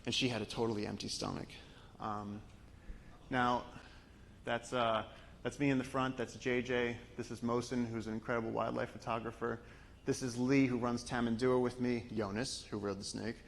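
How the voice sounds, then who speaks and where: A man from Brooklyn, an expedition guide, telling a lively story to a live audience with slides. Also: medium pitch, moderate pace, vocal fry, a little hiss or hum. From Brooklyn, New York. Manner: animated storyteller, voice rising as the story builds. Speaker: expedition guide giving a talk.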